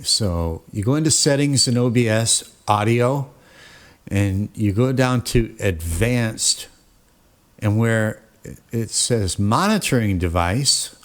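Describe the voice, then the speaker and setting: A man hosting a casual software tutorial, rambling through the steps with frequent fillers and self-corrections, recorded at his home computer setup. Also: on the low side. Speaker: tutorial host.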